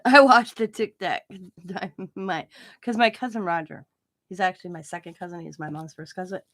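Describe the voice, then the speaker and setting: A woman's voice: on the low side, fairly even intonation, normal speed, a bit bright. Chatty older woman crafter. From Wisconsin. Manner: chatty, rambling, laughs at own stories. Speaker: craft channel host. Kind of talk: casual chat while crafting live.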